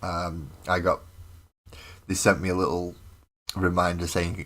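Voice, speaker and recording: A man's voice: deep voice, flat delivery, unhurried, a bit bright. An English man with an English accent, chatting casually on a live painting stream, rambling and bantering with viewers as he works at a home hobby desk. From England. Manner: rambling banter, answers chat while working. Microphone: webcam stream mic.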